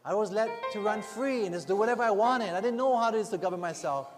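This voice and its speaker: A high-voiced man preaches quickly in a church, earnest and conversational, often aiming rhetorical asides at the congregation. The recording carries long hall reverb and faint background music.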